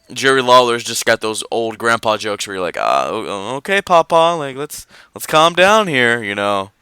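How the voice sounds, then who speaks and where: A man co-hosting a casual wrestling podcast, reading fan mail and rambling through his opinions in an animated way. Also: medium pitch, smooth, no echo. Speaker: podcast co-host.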